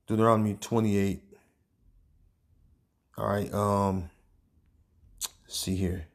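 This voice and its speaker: A man's voice: fairly low pitch, little pitch movement. A man giving informal religious teaching, talking loosely with many fillers and reading passages aloud as he searches for them. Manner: casual, peppered with "man" and "all right"; reads scripture and news aloud, pausing to search. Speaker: online preacher.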